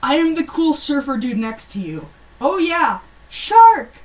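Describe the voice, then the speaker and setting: A woman's voice: sits high, very animated, unhurried, voice pushed up. A woman voicing a weird, dramatic boy who writes silly letters, melodramatic and cackling. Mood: frantic. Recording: distant mic, faint background hum.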